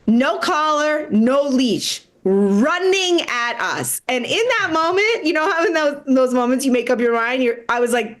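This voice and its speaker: A woman with a high voice tells a comic story on a live stream. She talks in an animated, profane way and laughs her way through the telling. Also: moderate pace. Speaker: comedian.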